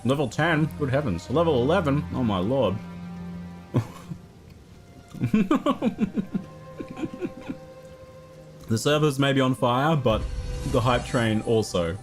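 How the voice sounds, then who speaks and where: A man's voice: mid-range voice, lively intonation, slow pace, pauses often. Aussie guy streaming, laughs a lot, voice bouncing all over, bit of music behind. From Australia. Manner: chatty, laughs often, reads out thank-yous to chat. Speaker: game streamer. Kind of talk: casual live-stream chat.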